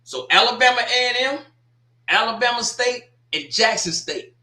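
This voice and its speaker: A man's voice: very high-pitched, lively intonation, normal speed, pushed and bright, echoey room. A man hosting a sports talk show, rambling through a casual opinion monologue with folksy asides.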